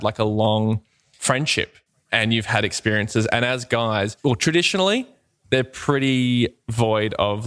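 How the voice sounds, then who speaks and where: A man, co-hosting a podcast, talking in a rambling, halting way with lots of restarts. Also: lowish voice, a bit bright, dry recording, clean studio sound. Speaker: podcast co-host. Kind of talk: casual conversational podcast.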